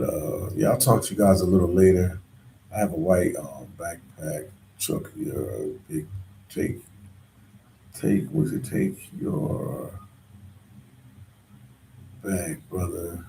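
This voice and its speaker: A travel vlogger from Philadelphia talks to viewers on a casual live stream, slangy and rambling and full of "like" and "you know." His voice is deep, creaky, and warm, heard in a roomy space with slight background noise.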